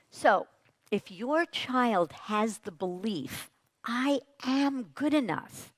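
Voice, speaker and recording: A woman's voice: mid-range voice, no room sound. A woman, a parenting expert, giving a motivational stage talk and asking the audience questions. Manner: animated, asks the audience questions.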